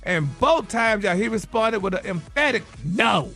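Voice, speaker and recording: High, sassy male gossip voice; radio morning-show dish with constant "honey" asides, music faintly under him. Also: expressive, moderate pace, sharp tone. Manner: sassy, peppers every phrase with "honey" and "y'all"; dramatic, exclaiming. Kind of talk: radio celebrity gossip segment.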